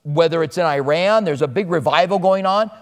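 A man's voice: fairly high pitch, brisk. Man preaching in a reverberant hall. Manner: conversational preaching with personal stories. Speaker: pastor. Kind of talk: sermon. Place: church service before a congregation.

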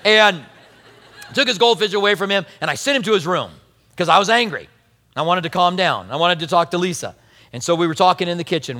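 A middle-aged male pastor preaching a sermon, telling family stories in a conversational, animated way. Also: high-pitched, fast talker, long reverb tail.

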